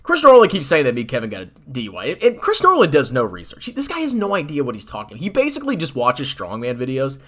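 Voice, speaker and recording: Man, sarcastic finance commentator, heated rant, lively swinging pitch, bright edge. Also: fast talker, few pauses. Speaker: finance YouTuber host. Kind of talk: ranting commentary video.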